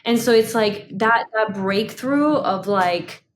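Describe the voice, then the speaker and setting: Woman therapist guest chatting, animated, says like a lot, faint room noise behind. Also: on the high side, takes it slowly. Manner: animated, lots of "like" fillers, laughs often. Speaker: guest psychotherapist. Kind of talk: conversational interview.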